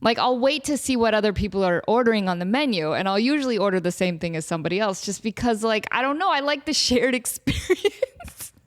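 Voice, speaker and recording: A woman podcast host telling a casual story in an animated, self-deprecating way, laughing often. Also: medium pitch.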